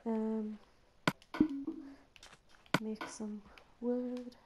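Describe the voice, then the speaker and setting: High-voiced giggly woman gamer. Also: little pitch movement, extremely slow, heavy background noise. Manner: chatty, giggly, coaxing game animals in a sing-song voice. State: voice still rough after a cold. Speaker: gaming channel host. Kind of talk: casual gameplay commentary.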